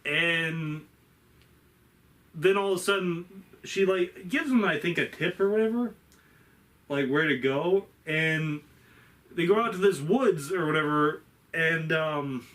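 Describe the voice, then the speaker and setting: A man's voice: a little high, slow, long pauses, a bit bright. Profane rambling man retelling a movie. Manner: rambling and profane, acts out lines from the film. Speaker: movie reviewer. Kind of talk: casual spoiler review chat.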